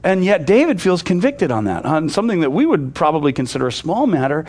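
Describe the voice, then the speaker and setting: A pastor teaches a sermon in a loose, conversational way, his voice a little high and his delivery fast. He fills his talk with "you know" and restarts, growing animated as he retells a story.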